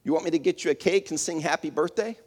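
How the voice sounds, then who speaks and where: A man's voice: fairly high pitch, quick pace, darkish tone, big-room sound, voice pushed up, lightly acted. A man reading aloud who voices a nasty, mocking woman at a late-night diner, speaking in a sneering, raised voice.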